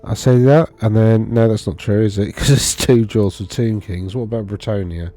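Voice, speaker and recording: Man, deep mellow voice, rambling screen-share commentary, faint music behind. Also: moderate pace. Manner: rambling, thinking aloud, self-correcting. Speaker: wargaming video host.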